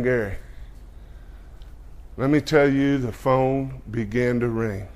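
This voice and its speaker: A man preaching a testimony to a congregation, folksy and full of amens. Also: medium pitch. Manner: folksy, peppers speech with "amen" and "hallelujah".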